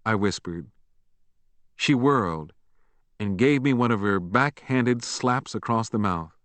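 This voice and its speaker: A man narrating a memoir audiobook in a measured, even storytelling manner on a close studio mic. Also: fairly low pitch, no echo.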